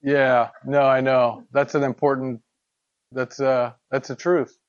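A man's voice: medium pitch, flat delivery, measured pace, muffled recording. A man leading a casual Bible study discussion, talking in a thoughtful, conversational way with frequent fillers and restarts.

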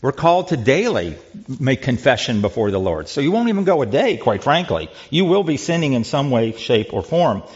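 A man's voice: medium pitch, big pitch swings, normal speed. Male Bible study leader, chatty teaching manner, asks questions, repeats words; slightly muffled recording.

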